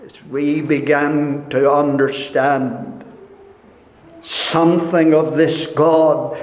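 A man preaching a sermon, speaking slowly and deliberately, sinking to hushed tones and rising for emphasis. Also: a little high, flat delivery. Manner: slow, deliberate preaching, dropping to near-whispers and rising in emphasis. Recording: echoey hall with long reverb.

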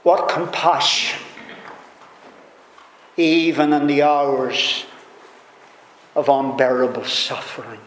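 Slow, echoing male preacher. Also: mid-range voice. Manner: slow, deliberate preaching with rising emphatic swells. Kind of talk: sermon. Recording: echoey hall reverb, faint room noise.

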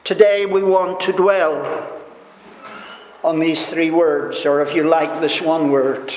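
A man preaching a sermon in a slow, deliberate way, his delivery rising into emphatic swells. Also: a little high, fairly even intonation, a little mellow. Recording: echoey hall reverb, faint room noise.

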